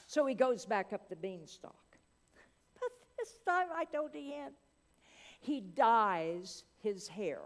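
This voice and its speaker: A woman preacher tells a fairy tale as a sermon, dramatically, with long pauses and chatty asides. Her voice sits fairly high and moves slowly, ringing in the long reverb of a church hall. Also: very animated. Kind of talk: sermon storytelling.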